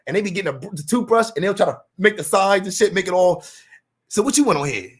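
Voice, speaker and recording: A man with a high, fast voice and a breathy edge goes on a casual monologue rant. Animated and profane in street slang, he performs what people say.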